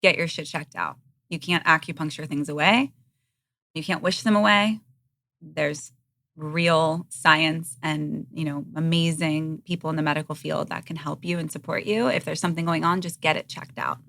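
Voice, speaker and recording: Woman in her 30s talking frankly on a podcast, kinda gravelly, dry close mic. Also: deep voice, fairly even intonation, normal speed, a bit bright, dry recording. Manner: open, frank, occasionally blunt. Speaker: podcast guest. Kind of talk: candid conversational interview. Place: podcast studio.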